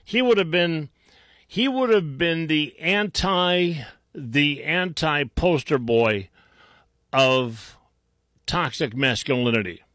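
A man's voice: on the high side, animated, slow, fairly bright tone, no echo, clean studio sound. A man hosting a talk radio show, mocking and combative in tone, with frequent restarts.

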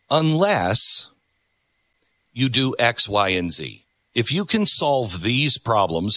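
A man's voice: medium pitch, pushed and bright, no room sound. A middle-aged man hosting a talk show, giving emphatic opinion commentary and repeating words for stress.

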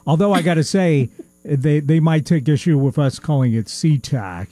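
Dark, dry-sounding male podcast host. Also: fairly high pitch, normal speed, no echo. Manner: joking, self-deprecating, stumbles over words. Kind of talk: casual chat.

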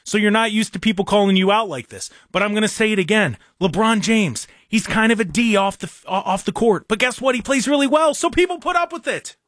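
A man's voice: high voice, a little fast, hardly any pauses, fairly bright tone, dry recording, clean studio sound. A young adult man, hosting a sports talk show and ranting in an exasperated, emphatic way. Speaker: sports talk radio host.

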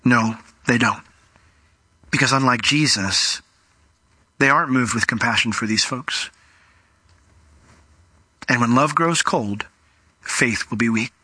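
Animated, bright-voiced male pastor. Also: medium pitch, slow pace, pauses often, slightly rough, dry recording. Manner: animated, conversational, acts out quotes. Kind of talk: expository sermon.

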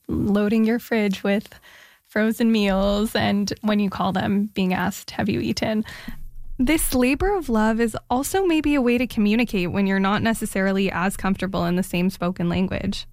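A woman's voice: mid-range voice, normal speed, darkish tone, no room sound. A woman hosting an interview, asking attentive, thoughtful questions. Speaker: interviewer host. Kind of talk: conversational interview.

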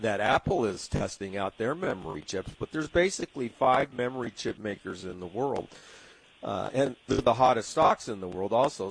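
A man's voice: fairly low pitch, vocal fry, slight background noise, poor audio. A middle-aged man from Southern California with a local accent, hosting a radio talk show in a rambling way with lots of fillers. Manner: rambling, many fillers and restarts. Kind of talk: casual radio commentary.

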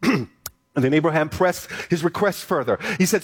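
A pastor preaching to his church, reading scripture aloud slowly and then building to an emphatic appeal. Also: fairly high pitch, expressive. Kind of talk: sermon.

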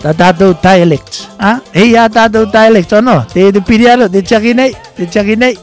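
A man's voice: high-pitched, fairly quick, faint music behind. A man hosting a casual radio show, running a listener quiz in a playful, teasing way and switching between languages. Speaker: radio host.

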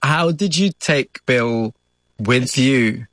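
A man's voice: mid-range voice, very slow, a bit bright, no room sound, clean studio sound. A male interviewer asking curious, probing questions in conversation.

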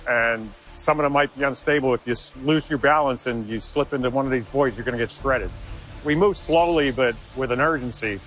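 A man's voice: medium pitch, fairly quick, fairly bright tone, low-quality recording. Earnest man recounting a rescue. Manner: earnest storytelling with restarts. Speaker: interviewee, former Marine. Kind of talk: personal recollection interview.

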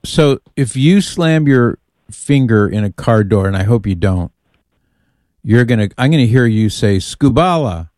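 A man's voice: medium pitch, measured pace, no echo, clean studio sound. A man hosting a call-in radio show, chatting casually and bantering with his co-host and callers. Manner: relaxed, bantering, gives phone number.

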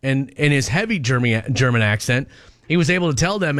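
An American man hosting a radio show, telling a story in an animated, emphatic way. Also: medium pitch, fairly quick, dry recording, clean studio sound. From United States. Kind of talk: casual talk radio chat.

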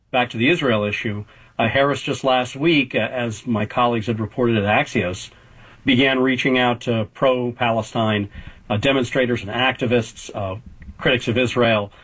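A man in his fifties, a political journalist guest, giving measured analysis with hedges and restarts. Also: medium pitch, a bit bright, slightly rough, low-quality recording. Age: 50s. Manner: measured, hedging, frequent restarts.

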